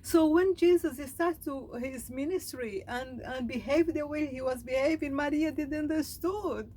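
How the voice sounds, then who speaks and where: Slow, high-voiced emotional woman speaker. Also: darkish tone, low-quality recording. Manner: halting, heartfelt, emotional. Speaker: spiritual speaker. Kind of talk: meditative reflection.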